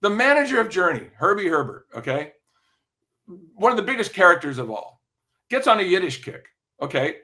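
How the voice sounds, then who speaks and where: An older man talking as a podcast guest, telling long anecdotes with lots of restarts and the odd throat clear. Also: high voice, big pitch swings, brisk, sharp tone. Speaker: podcast guest, music industry veteran. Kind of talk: casual interview storytelling.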